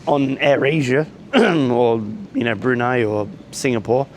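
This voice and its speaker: Man, casual vlog storytelling, rambling complaints, lots of ums, middle pitch, faint background hiss. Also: measured pace. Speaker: travel vlogger.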